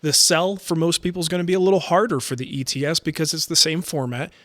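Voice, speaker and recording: A man's voice: a little high, fast talker, no room sound. Easygoing man co-hosting, dry mic. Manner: laughs easily, relaxed conversational. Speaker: podcast co-host. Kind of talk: casual podcast chat.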